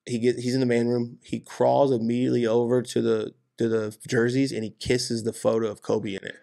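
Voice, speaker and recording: Gravelly-voiced man telling stories animatedly. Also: medium pitch, fairly quick, hardly any pauses. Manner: animated, swears, says "dude" and "man". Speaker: podcast guest. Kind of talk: casual storytelling interview.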